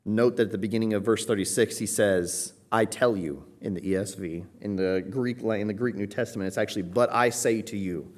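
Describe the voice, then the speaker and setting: A man who is a pastor, preaching a teaching sermon and explaining Greek words, often checking in with a quick "right?". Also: on the low side, a little mellow. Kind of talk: expository sermon.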